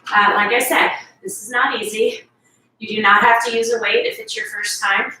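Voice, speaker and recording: A woman's voice: medium pitch, steady tone, normal speed, bright, forceful tone, distant mic, slight background noise. A woman leading a workout, encouraging and chatty as she counts reps and sighs between sets. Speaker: fitness instructor. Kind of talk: workout instruction. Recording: echoey room, voice from off-mic.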